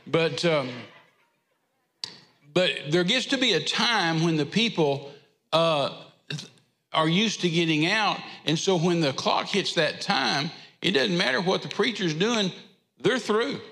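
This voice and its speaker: A man's voice: high voice, lively intonation, takes it slowly, creaky, long pauses, bright, forceful tone, long reverb tail. A man, preaching an informal, rambling sermon in a church and repeating phrases for emphasis. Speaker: traveling preacher. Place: church sanctuary.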